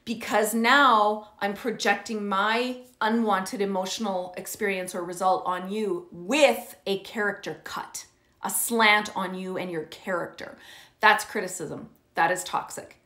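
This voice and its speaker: A woman's voice: mid-range voice, steady tone, unhurried, sharp tone. A middle-aged woman coaching parents in an earnest teaching talk, often checking in with "okay?" and "right?". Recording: roomy echo.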